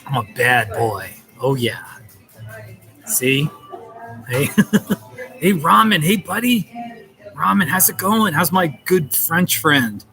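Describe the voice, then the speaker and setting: A man's voice: on the high side, animated, slow pace, creaky, pauses often, sharp tone, soft background music, low-quality recording. Playful man live-streaming from a coffee shop. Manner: playful, chuckling, greets chat by name. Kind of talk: casual live stream chat with viewers.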